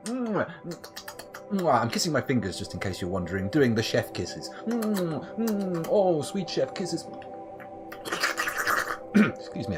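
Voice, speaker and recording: A man streaming a game and commenting live, jokey and playful, trailing off into little muttered asides. His voice swings widely up and down in pitch, at an everyday middle register, with game music playing behind him.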